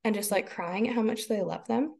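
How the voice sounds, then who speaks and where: Podcast guest, woman, 30s; raspy fry, lively and expressive, voices her own thoughts. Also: mid-range voice, brisk. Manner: expressive, laughs often, acts out her own inner voice. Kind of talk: casual conversation.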